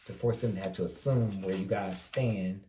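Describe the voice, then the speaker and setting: A man's voice: low voice, normal speed, echoey room, slight background noise. A man from North Carolina with a Southern accent, giving a casual, rambling tarot reading with plenty of advice. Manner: relaxed, rambling, advice-giving with self-corrections. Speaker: tarot reader.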